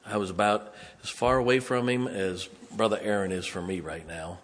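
A man in his fifties, a pastor preaching a sermon, telling a personal story and dropping to a hushed, emotional tone. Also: fairly low pitch, steady tone, moderate pace.

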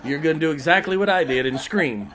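A middle-aged man preaching a sermon in a folksy, humorous way, swinging from loud emphasis to quiet, intimate asides. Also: fairly high pitch, fast talker. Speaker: pastor.

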